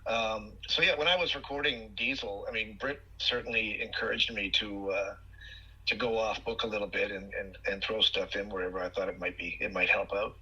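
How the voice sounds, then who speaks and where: A man guest on an interview podcast, telling animated stories about his acting work with many fillers and restarts. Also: fairly low pitch, moderate pace, slightly rough, lo-fi sound. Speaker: guest actor.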